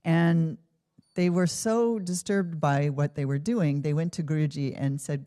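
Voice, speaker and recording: A woman's voice: low-pitched, measured pace, dark tone. A woman giving an earnest devotional talk in a temple, telling stories and asking reflective questions. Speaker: devotional speaker. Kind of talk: spiritual talk with storytelling.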